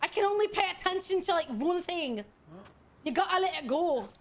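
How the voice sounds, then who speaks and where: A young woman streaming a game, chatting casually with crude, teasing humor and loud bursts of laughter. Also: very high-pitched, animated, moderate pace.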